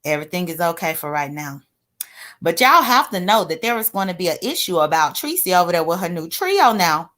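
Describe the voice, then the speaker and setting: A woman's voice: fairly low pitch, sing-song, fairly quick, a bit bright. A woman giving casual, sassy gossip commentary to her viewers, chatty and exclamatory. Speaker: online drama commentator.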